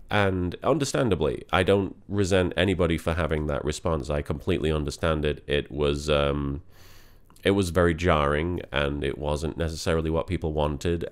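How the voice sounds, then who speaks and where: Low-voiced man speaking candidly. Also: clean tone. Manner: candid, reflective, halting. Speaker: vlogger. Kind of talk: confessional vlog talk.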